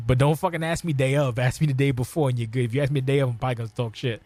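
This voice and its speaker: A man's voice: mid-range voice, steady tone, rapid-fire, hardly any pauses, darkish tone, no echo. A middle-aged man hosting a podcast, talking bluntly and profanely in casual chat, ranting about how he works with people. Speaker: podcast host.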